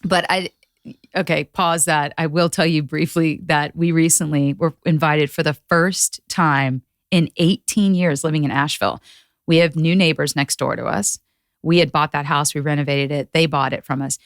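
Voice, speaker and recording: A woman's voice: deep voice, steady tone, normal speed, dry recording, clean studio sound. A middle-aged woman hosting a podcast, telling a story with lots of energy, acting out quotes, swearing and laughing. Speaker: podcast host. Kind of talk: casual chat.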